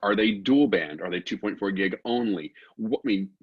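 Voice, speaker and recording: A man from Texas, a guest expert, explaining technical matters in a relaxed, informal way and asking rhetorical questions. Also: lowish voice, normal speed, breathy edge, narrow, tinny audio.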